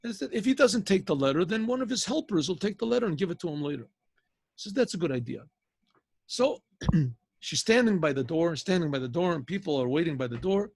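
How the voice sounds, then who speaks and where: Husky, high-voiced rabbi telling a story. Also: male voice, expressive, a little fast, a little mellow, no echo. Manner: casual, with restarts and frequent throat clearing. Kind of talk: storytelling lesson.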